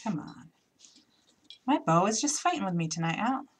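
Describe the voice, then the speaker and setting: A woman's voice: medium pitch, big pitch swings, normal speed, a little hiss or hum. A woman chatting to viewers as she demonstrates a craft project in a casual live tutorial. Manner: chatty, talks to viewers while working.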